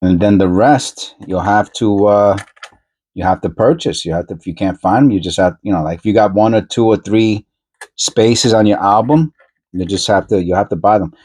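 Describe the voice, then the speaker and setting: A man with a fairly low voice talks off the cuff as he hunts through coins. He rambles, repeats words and corrects himself on the fly, and he breaks into excited asides now and then. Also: moderate pace, husky. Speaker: coin roll hunting channel host. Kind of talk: casual chat while searching coins.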